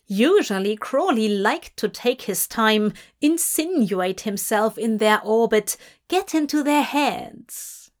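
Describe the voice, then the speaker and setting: A woman narrating a story in a measured, even storytelling manner. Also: on the high side.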